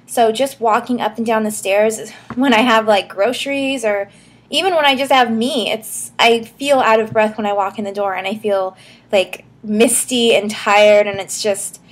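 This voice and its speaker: A woman's voice: a little high, steady tone, moderate pace. Breathless, giggly young woman vlogging. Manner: chatty, giggly, many fillers and restarts. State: short of breath. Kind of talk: casual pregnancy update vlog.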